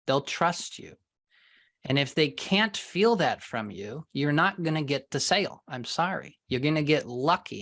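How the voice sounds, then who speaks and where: Mid-pitched guy, sales trainer on a video call, animated, hits his words hard. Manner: animated and emphatic, stressing words for effect. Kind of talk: interview answers.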